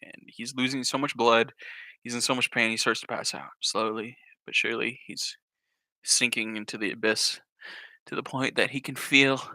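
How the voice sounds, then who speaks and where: A young man and YouTuber telling a comic story in an animated, jokey way. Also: mid-range voice, normal speed, no room sound. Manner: animated, jokey, breaks off with laughter. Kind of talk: comedic storytelling.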